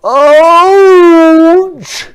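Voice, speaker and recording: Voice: very high voice, drawn-out words, voice pushed up, full character voice. A teacher reading a children's storybook aloud, voicing a blustering, angry old general who roars and bellows his orders. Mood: furious. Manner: roaring, bellowing.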